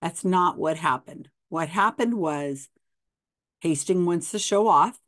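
A woman's voice: fairly low pitch, expressive, slow pace, dry recording, clean studio sound. A woman host, explaining a story in a casual way and reading passages aloud with quoted dialogue. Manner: chatty, reads passages with quoted dialogue, frequent restarts.

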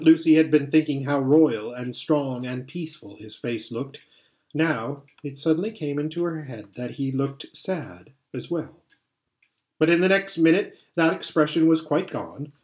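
A man reading a children's fantasy novel aloud in a measured, steady way, with the odd slip. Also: on the high side. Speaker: audiobook reader. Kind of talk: storybook narration.

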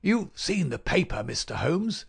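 A man's voice: fairly high pitch, sing-song, a little slow, creaky, slightly rough, pitched above the performer's own voice, exaggerated voice. A man voicing a shrewd, stubborn police inspector who speaks in guarded, sly replies. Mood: polite, guarded.

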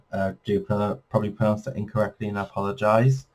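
A man's voice: on the low side, fairly even intonation, moderate pace, mellow. A man giving a casual flip-through review of a colouring book, chatty, with frequent fillers and self-corrections.

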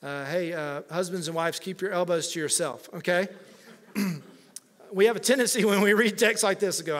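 A man's voice: high voice, moderate pace, a bit bright. A male pastor preaching a conversational sermon with humorous asides to his congregation. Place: church sanctuary.

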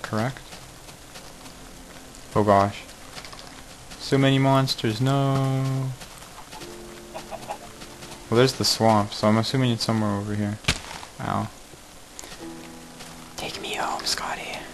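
A man's voice: on the low side, fairly even intonation, slow, long pauses, slight background noise, rough recording. A man hosting a casual game video, joking and exclaiming at each mishap while he plays. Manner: jokey, exclaims at mishaps, mutters asides. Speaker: gaming video host. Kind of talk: casual let's-play commentary.

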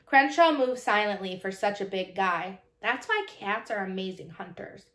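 A woman reading a children's novel aloud in calm, even first-person storybook narration. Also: medium pitch, moderate pace. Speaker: audiobook narrator. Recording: roomy echo.

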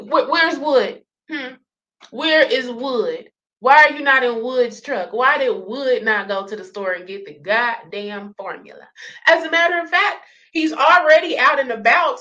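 A woman's voice: high-pitched, sharp tone. A woman hosting a reaction channel, ranting in blunt, sassy, profane commentary.

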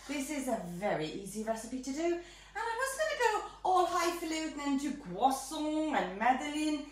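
A playful woman runs a live baking demo in her kitchen, her high voice leaping up and down with each line. The room around her rings with a strong echo, so every word bounces off the hard surfaces. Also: big pitch swings, normal speed. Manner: playful, chatty, theatrical. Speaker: home baking host.

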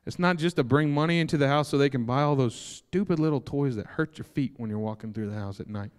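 A young man preaching a sermon, animated and joking, breaking into excited shouts. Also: mid-range voice, fast talker, smooth. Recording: long hall reverb.

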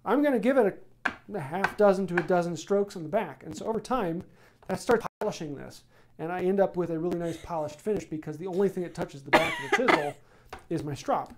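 A man hosting a live woodworking stream, answering viewer questions in a casual, rambling way with many pauses. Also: sits high, heavy background noise. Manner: relaxed, rambling explanations with many ums. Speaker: woodworking channel host.

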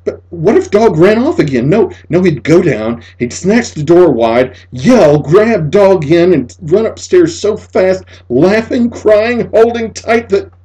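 A man reading a spooky short story aloud, dramatic, dropping to near-whispers and rising to loud cries. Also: sits high, sing-song, unhurried, few pauses, slightly rough, highs cut off. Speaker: audiobook reader.

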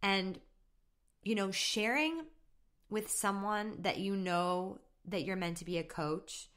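A woman's voice: medium pitch, takes it slowly, a bit bright. A woman hosting a solo motivational podcast in an upbeat, chatty way, laughing at herself now and then. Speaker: podcast host.

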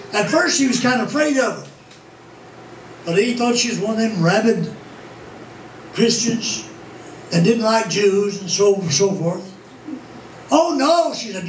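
Folksy older pastor, high voice, echoey church. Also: male voice. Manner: folksy, plain-spoken, rising to fervent exclamations. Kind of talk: sermon storytelling. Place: church sanctuary. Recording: echoey church, distant mic, faint hiss.

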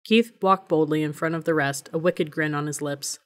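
A woman reads a novel aloud as an audiobook narrator. Her delivery is measured and even, and her voice sits a little low for a woman.

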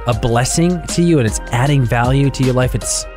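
A man hosting a devotional podcast, speaking to the listener in an earnest, encouraging way. His pitch sits in a middle range for a man, and faint music plays softly behind him. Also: fairly quick. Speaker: podcast host. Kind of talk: devotional talk.

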